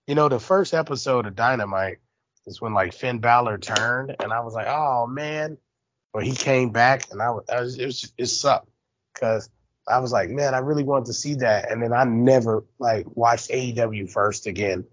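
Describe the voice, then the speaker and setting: A middle-aged man hosting a podcast, talking bluntly and profanely with quick jabs. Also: mid-range voice, fairly bright tone, dull audio. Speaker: podcast host. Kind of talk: casual chat.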